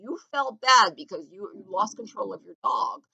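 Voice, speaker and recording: A woman's voice: fairly high pitch, animated, moderate pace, vocal fry, pushed and bright, highs cut off. A woman delivering a rambling, contemptuous monologue to camera, repeating herself and trailing off mid-thought. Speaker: vlogger. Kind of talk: ranting monologue.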